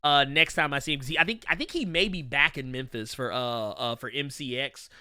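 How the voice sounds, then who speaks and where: A man hosting a comics livestream, chatting casually through viewer questions, joking and bursting into loud laughter. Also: medium pitch, a little fast, dry recording, clean studio sound.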